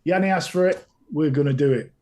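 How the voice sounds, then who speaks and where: A man's voice: on the high side, brisk, darkish tone. A middle-aged man co-hosting a live stream, greeting viewers in a playful, teasing way with lots of giggling. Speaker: livestream co-host.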